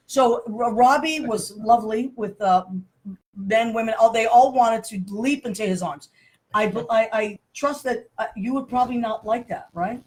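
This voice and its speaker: Brief: middle-aged woman host, high bright voice, chatty, laughing storyteller, faint hiss behind. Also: normal speed. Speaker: show host. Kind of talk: lively casual chat show hosting.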